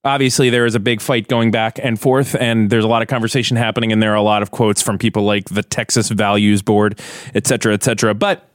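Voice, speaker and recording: A man's voice: lowish voice, flat delivery, fast, no room sound, studio quality. A man co-hosting a podcast in a casual, joking chat, reading out news stories. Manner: jokey, reads quotes aloud. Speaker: podcast co-host.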